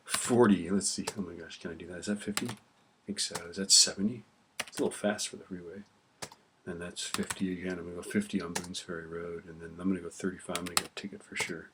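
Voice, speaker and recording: A fast-talking male teacher with a low-pitched, steady voice casually runs through a spreadsheet lesson in a screen recording. He types throughout and keeps checking in with "right?", and the background is noisy with keyboard clicks.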